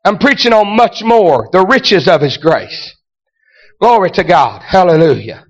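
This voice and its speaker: Man, preacher, high voice, fervent sermon full of amens, muffled lo-fi sound. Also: very animated, measured pace. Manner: fervent, punctuated with amens and hallelujahs. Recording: dull lo-fi recording.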